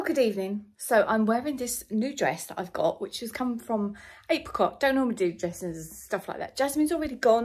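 A woman's voice: fairly high pitch, darkish tone, husky. A woman chatting to camera in a casual vlog, tired and giddy, a chatty storyteller who laughs a lot. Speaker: vlogger.

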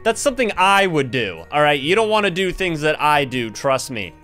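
A man giving casual gameplay commentary as a gaming host, excitable and playful, laughing and trash-talking often. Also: fairly high pitch, normal speed, faint music behind.

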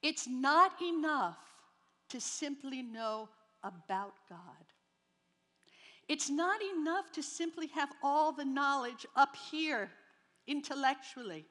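High-voiced older woman in a reverberant hall. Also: expressive, takes it slowly, sharp tone. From New Jersey, near New York City. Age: 70s. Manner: humorous, candid storytelling. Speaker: speaker at a Christian rally. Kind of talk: personal faith testimony to an audience. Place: large hall at a rally. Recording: long reverb of a large hall.

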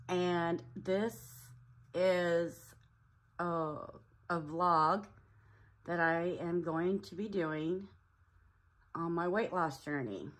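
A woman talking to her own camera at home in a personal vlog, nervous and tearful, halting with fillers and a shaky voice. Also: lowish voice. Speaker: vlogger. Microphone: camera mic.

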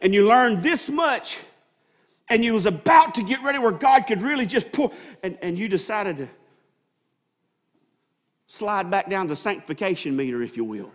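High-voiced preacher in a reverberant church. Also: male voice, lively intonation, moderate pace, long pauses. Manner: preaching with many restarts and rising emphasis. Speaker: pastor. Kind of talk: sermon. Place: church sanctuary. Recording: long reverb of a church hall.

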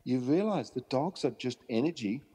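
Husky man in a reverberant hall. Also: mid-range voice, normal speed. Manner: animated storyteller acting out quoted voices. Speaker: dog trainer guest. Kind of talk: conversational podcast interview.

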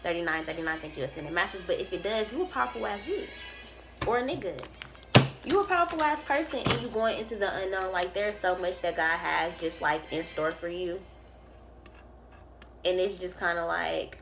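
A woman's voice: fairly low pitch, moderate pace, creaky, fairly bright tone, soft background music. A woman giving a casual tarot reading to camera. She talks in an emphatic, profane and preachy way, rambling and restarting her sentences. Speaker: tarot reader.

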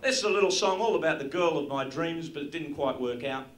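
Brash Australian stand-up man, high voice. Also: fast talker, a bit bright. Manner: crude, brash jokes aimed at the crowd. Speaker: stand-up comedian. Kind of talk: live stand-up routine. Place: stage in front of a live audience. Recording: roomy live venue recording with audience.

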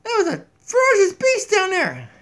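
A squeaky donkey puppet in a very high, piping voice, silly and fart-obsessed, giggling and jumpy. It sounds like a goofy homemade puppet skit recorded on a tablet in a kitchen. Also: male voice, huge pitch swings, moderate pace, a bit bright, exaggerated voice. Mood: scared. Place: downstairs home kitchen. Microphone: tablet camera mic.

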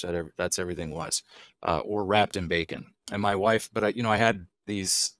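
A middle-aged man with a low voice talks easily as a podcast guest. He spins stories and throws himself questions, then answers them. The sound is close and dry, with no room around it. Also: fairly quick, fairly bright tone, no room sound. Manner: easygoing storyteller who asks and answers his own questions. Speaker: guest, wild game chef. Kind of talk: casual podcast conversation.

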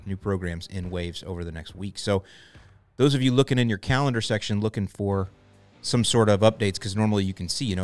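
A man hosting a podcast, talking casually and playfully, laughing often and rambling. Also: deep voice. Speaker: podcast host. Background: faint music.

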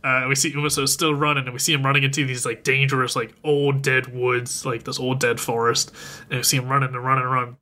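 A man's voice: mid-range voice, flat delivery, fast talker, bright, forceful tone. A man co-hosting a podcast, casually retelling a movie's plot and acting out the characters' lines. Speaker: podcast co-host recapping a film. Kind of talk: casual chat.

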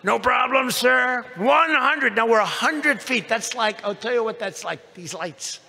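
A man's voice: very high-pitched, lively intonation, unhurried, creaky, sharp tone. Older man, rambling speech in a reverberant arena. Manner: rambling, repeats superlatives and asides. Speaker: rally speaker. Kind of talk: rally speech anecdote. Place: large indoor convention venue. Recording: long reverb of a big arena.

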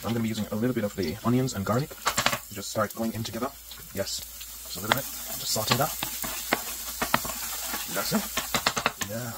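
A man's voice: fairly low pitch, fairly quick, pauses often, very noisy. A man from Jamaica with a Jamaican accent, chatting upbeat to viewers while cooking dinner at home. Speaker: home cook. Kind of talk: cooking vlog narration. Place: home kitchen. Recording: home kitchen with loud sizzling pan.

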